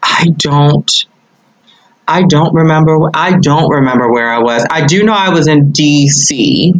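A man as a podcast guest in casual conversation, halting and searching for words. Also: on the high side, rough recording.

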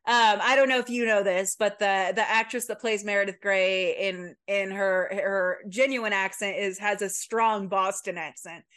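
A woman's voice: mid-range voice, steady tone, normal speed, few pauses, a bit bright, clean tone. A young woman co-hosting a podcast over a remote call, chatting casually, swearing now and then and restarting her sentences. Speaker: podcast co-host. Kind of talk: casual chat.

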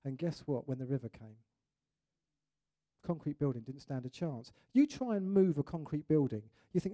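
Animated preacher, mellow voice. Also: male voice, fairly high pitch, normal speed. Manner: animated, acts out little scenes and voices. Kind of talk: sermon.

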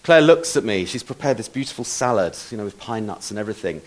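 A man's voice: fairly low pitch, expressive, fast talker. A man preaching a sermon in a conversational, self-deprecating way, with asides to the congregation.

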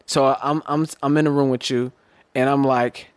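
A man co-hosting a podcast, talking in casual, animated chat and building hypotheticals with free swearing. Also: mid-range voice, normal speed, smooth, no room sound. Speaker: podcast co-host.

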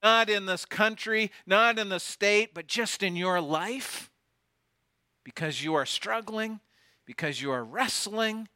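A man preaching a sermon, swinging from loud declarations down to near whispers and putting rhetorical questions to his congregation. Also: sits high, slow pace, smooth, no room sound, clean studio sound. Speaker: pastor.

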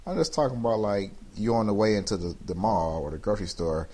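Low-voiced man rambling playfully. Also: expressive, fast talker, warm tone. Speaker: podcast co-host. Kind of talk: casual podcast banter.

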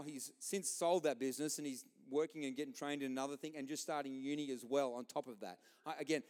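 A middle-aged man preaching a sermon as a pastor, impassioned, swinging between loud outbursts and quiet asides. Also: fairly high pitch, big-room sound.

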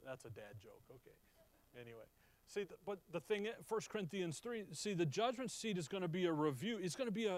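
Working through a Bible passage in his sermon, a male pastor asks the congregation questions and makes sure they are keeping up. His delivery swings from emphatic highs to quiet, low asides, and there is no room sound.

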